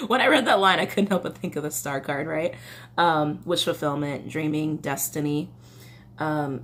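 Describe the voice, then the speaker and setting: A woman's voice: low voice, animated, moderate pace, slight background noise. A woman chatting casually through a tarot reading, with a slight cough and a loose, swearing manner. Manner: chatty, swearing, reads song lyrics aloud. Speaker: tarot reader.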